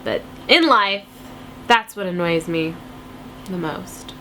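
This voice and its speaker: A woman's voice: fairly low pitch, animated, takes it slowly, pushed and bright, slight background noise. A woman in her twenties with a cold, chatting casually to camera as she answers viewer questions in a silly, playful way. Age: 20s. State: has a cold.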